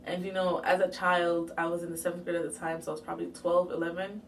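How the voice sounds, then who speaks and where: Young woman from Jamaica for a chatty story-time vlog, lowish voice, animated delivery, a bit off-mic with faint room hum. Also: fast, recorded from a distance. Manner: lively, animated storytelling with playful asides. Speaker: vlogger.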